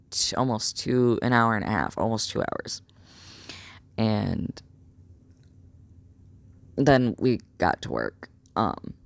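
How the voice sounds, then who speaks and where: A young man telling a story in a casual vlog, rambling and excitable with lots of fillers. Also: lowish voice, creaky, no echo. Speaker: vlogger.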